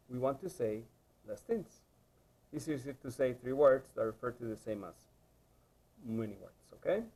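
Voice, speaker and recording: A man's voice: mid-range voice, dark tone. Patient man teaching a video lesson. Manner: patient, repeats "okay?" to check understanding. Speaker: Spanish teacher.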